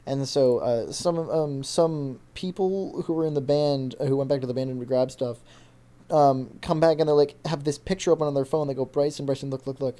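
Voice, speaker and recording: Mellow-voiced young man rambling at his desk. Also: on the high side, fairly even intonation, moderate pace. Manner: rambling storyteller with fillers. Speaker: podcast co-host. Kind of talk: casual chat. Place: home desk setup. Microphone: desktop mic with pop filter.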